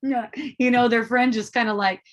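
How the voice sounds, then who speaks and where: A woman's voice: on the high side, steady tone, normal speed. A woman hosting a casual live group talk, rambling, swearing freely and breaking into laughter often. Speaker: host of a spiritual dialogue group.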